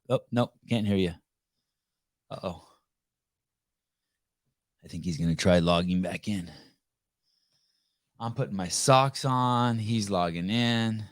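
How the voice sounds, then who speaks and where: A man hosts a casual live podcast on a video call. His voice sits low and sounds close and dry, with little room around it. He talks bluntly, jokes a lot and swears freely. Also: dry recording. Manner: blunt, profane, joking. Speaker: podcast host.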